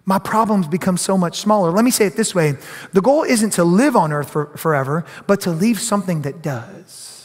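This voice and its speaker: A middle-aged man delivers a sermon in a big church, his voice pitched high. He preaches in an animated way and slips into other people's voices. A long reverb from the hall trails his words. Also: normal speed. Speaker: pastor. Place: church sanctuary.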